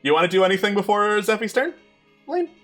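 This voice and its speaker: A man narrating as game master in a tabletop game, lively and playful. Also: sits high, fast, faint music behind.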